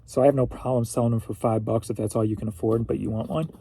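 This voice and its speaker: A man's voice: mid-range voice, fairly even intonation, fast, creaky, warm tone, slightly rough, no room sound. A man from St. Louis, Missouri, rambling through a casual solo reseller vlog, chatty and at times emotional. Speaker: reseller vlogger.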